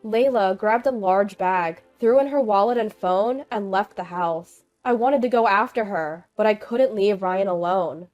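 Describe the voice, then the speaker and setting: A woman reading a first-person story in a slow, even narration, with faint background music. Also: medium pitch, lo-fi sound. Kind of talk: scripted narration.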